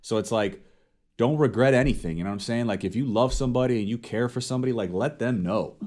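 A young man co-hosting a casual show chat, animated and laughing often as he tells stories. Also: medium pitch, quick pace. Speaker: podcast co-host.

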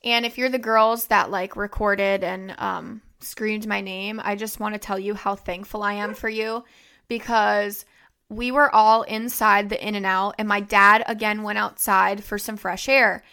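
A woman's voice: medium pitch, level tone, unhurried, pushed and bright, clean tone. A young woman hosting a podcast, telling a personal story in a conversational way, with frequent fillers and "like". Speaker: podcast host.

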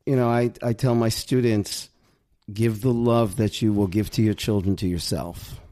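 A man who is a rabbi and author speaks as a guest in an interview, reflecting gently like a teacher. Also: on the low side, fairly even intonation, moderate pace. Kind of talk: conversational interview.

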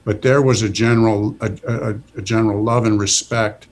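A man's voice: lowish voice, steady tone. A middle-aged man, a football coach guest, speaking earnestly with many restarts in a casual interview. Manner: earnest, halting, full of restarts.

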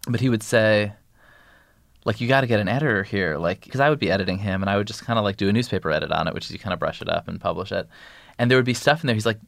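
Man, podcast guest, low voice, rambly and loose, close and dry sound. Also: rapid-fire, creaky, fairly bright tone, no room sound. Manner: rambling, many restarts and "like" fillers. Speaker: podcast guest, news editor. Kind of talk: casual interview conversation.

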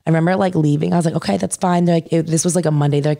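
A young woman with a notably low voice tells a long personal story. She fills nearly every phrase with "like" and swears offhandedly, as casual podcast chat. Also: fairly even intonation, racing, vocal fry, mellow. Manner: says "like" constantly, swears casually.

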